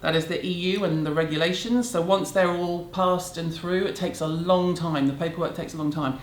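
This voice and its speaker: A middle-aged British woman rants bluntly and sarcastically to camera in a casual beauty vlog, speaking at normal speed in a fairly low, fairly even voice. She films in a room of her city home, and the recording has a roomy echo and a faint hiss or hum.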